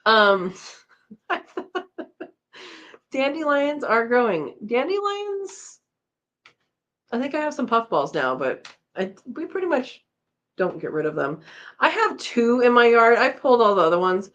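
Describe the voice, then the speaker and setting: A woman's voice: on the high side, big pitch swings, moderate pace, a bit bright. A tired woman hosting a casual live chat, reading out viewer comments and chatting back with a laugh. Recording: slightly dull lo-fi audio.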